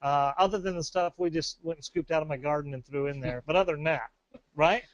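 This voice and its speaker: A man's voice: fairly high pitch, fairly quick, no echo, lo-fi sound. A man presenting a sales webinar, upbeat and rambling, with many fillers and restarts.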